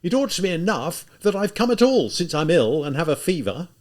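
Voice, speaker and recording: A man's voice: on the high side, sing-song, moderate pace, creaky, heavily acted. A man voicing a feverish young student who answers back indignantly, in an audiobook reading. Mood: defiant.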